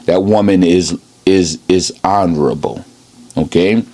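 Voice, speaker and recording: A man's voice: deep voice, measured pace, dark tone. A man giving a rambling improvised sermon as a self-styled preacher, emphatic and repeating "okay?" after his points.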